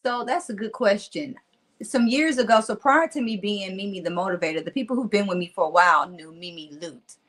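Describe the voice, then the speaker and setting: A middle-aged woman with a strong Mississippi country twang tells stories about her own life in a relaxed interview. She sounds animated, laughs easily, and uses a mid-range voice. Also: medium pitch, brisk. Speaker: motivational speaker guest. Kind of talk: casual storytelling interview.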